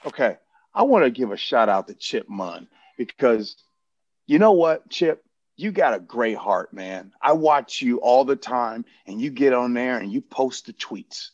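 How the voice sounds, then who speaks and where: A man's voice: mid-range voice, a little mellow, husky, no echo, highs cut off. Rambling, earnest man on a sports podcast. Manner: rambling, many restarts, earnest. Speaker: podcast guest. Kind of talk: casual sports podcast chat.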